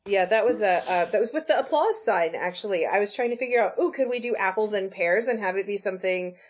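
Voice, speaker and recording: A woman's voice: mid-range voice, expressive, fast talker. A woman chatting as a podcast guest, explaining things patiently and laughing easily. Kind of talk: casual chat.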